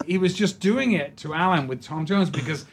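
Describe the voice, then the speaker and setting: An older man from England, a guest in an interview, telling stories in an animated way. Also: on the high side, normal speed, slight background noise. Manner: animated storyteller, acts out quotes. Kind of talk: anecdotal interview chat.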